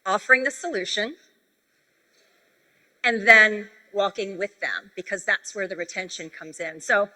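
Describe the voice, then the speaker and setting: A woman speaking at a sales convention, coaching the audience in a conversational, animated storytelling manner. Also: medium pitch, measured pace, pauses often. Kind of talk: sales training talk on stage. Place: large convention hall. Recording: reverberant convention hall.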